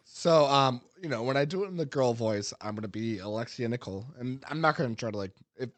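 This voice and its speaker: In casual chat, a male podcast host rambles with plenty of fillers and restarts and laughs easily. His voice is medium-pitched, and the recording is dry.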